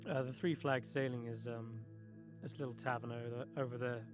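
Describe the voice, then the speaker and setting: A man narrating a tabletop game as game master, halting with many ums and restarts. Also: medium pitch, little pitch movement, over music.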